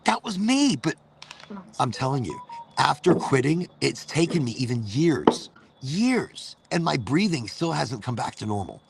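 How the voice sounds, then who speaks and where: A man's voice: medium pitch, very animated, measured pace, vocal fry, a little hiss or hum. A man hosting a casual chat, talking loosely and rambling with lots of swearing. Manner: loose, profane, rambling storyteller. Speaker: host.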